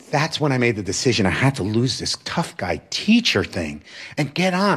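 A man, a teacher and former religious brother, telling a personal story with animated, expressive delivery that swings from loud to hushed. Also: high-pitched, breathy edge.

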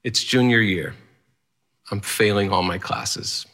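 Man, lowish voice, bright and forceful, candid first-person storytelling, wry. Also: takes it slowly.

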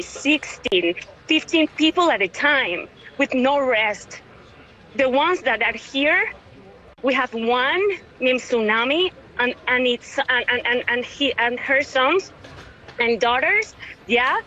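Woman, thirties, tearful, halting and repetitive, slightly high voice, muffled phone sound. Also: bright, forceful tone. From Venezuela. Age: 30s. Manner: halting, many restarts and repeated words. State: tearful, overwhelmed. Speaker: caller, local witness. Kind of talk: emotional phone interview.

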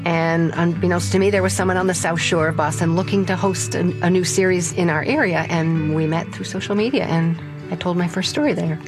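A woman's voice: fairly low pitch, fairly quick, music in the background. Older woman telling a humorous story. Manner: lively, humorous, self-mocking. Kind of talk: stage storytelling.

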